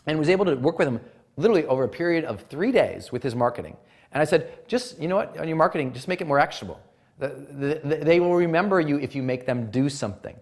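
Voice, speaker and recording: A man from Montana coaches experts on marketing, his voice swooping up and down as he pushes each point. His slightly high voice stays emphatic, almost singing the lines. He speaks like an instructor giving a pep talk. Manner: animated, sing-song emphatic delivery.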